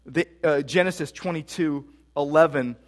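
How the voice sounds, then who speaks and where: A man's voice: fairly high pitch, normal speed. A man preaching a sermon as pastor, emphatic and repeating key phrases for stress. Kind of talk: expository sermon.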